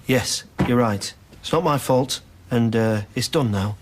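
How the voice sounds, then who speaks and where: A man's voice: medium pitch, unhurried, lightly acted. A man playing a nervous young man who is caught lying, hesitant and stammering in a TV drama. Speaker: soap opera character. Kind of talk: TV drama acting.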